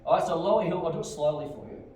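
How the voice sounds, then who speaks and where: A middle-aged man with an Australian accent teaching a martial arts class, explaining techniques and barking sharp commands and kiai shouts. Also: fairly high pitch, very fast. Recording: very echoey hall, distant mic, faint room noise.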